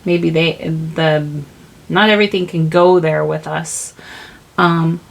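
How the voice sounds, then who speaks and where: A woman's voice: deep voice, steady tone, takes it slowly, gravelly, rough recording. A woman giving a casual tarot reading, rambling and searching for her words, with lots of "like" and "you know.". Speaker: tarot reader.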